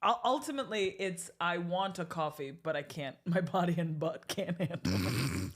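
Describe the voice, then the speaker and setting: Playful woman comedian, lively lower voice. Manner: playful, quick crude jokes, laughs often. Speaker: comedian guest. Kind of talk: casual comedic chat.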